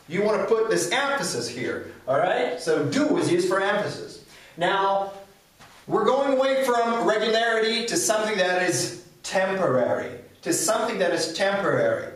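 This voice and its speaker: A man whose first language is Ukrainian gives an English grammar lesson. His voice sits high for a man, and it rings in a very echoey room. He speaks patiently and keeps checking that his listeners follow. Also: big pitch swings, normal speed, distant mic. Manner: patient, repeats "all right?" and "okay?". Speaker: English teacher. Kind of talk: explanatory lesson.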